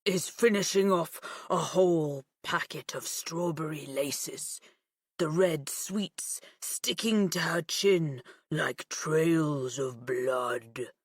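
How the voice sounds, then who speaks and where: A woman's voice: low-pitched, slow pace, husky, no room sound, studio quality, heavily acted. A woman voicing a theatrical teenage boy. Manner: theatrical, hushed and drawn out. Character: teasing teenage boy telling a ghost story. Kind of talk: audiobook character voice.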